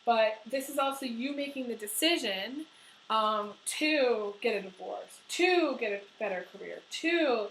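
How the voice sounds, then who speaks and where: A woman's voice: on the high side, expressive, measured pace, fairly bright tone, a little hiss or hum, poor audio. A woman giving a tarot horoscope reading, talking earnestly and emotionally with many fillers and restarts. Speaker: tarot reader.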